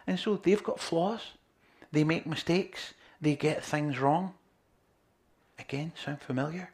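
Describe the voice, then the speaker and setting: Male preacher, gravelly, earnest sermon delivery with loud and hushed passages. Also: fairly high pitch, takes it slowly. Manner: earnest, swings between loud emphasis and quiet near-whispers.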